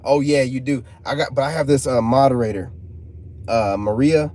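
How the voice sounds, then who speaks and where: A man's voice: medium pitch, moderate pace, darkish tone. A man, hosting a casual live stream, joking and reading chat aloud. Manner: joking, laid-back, reads chat aloud. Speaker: channel host talking to live chat.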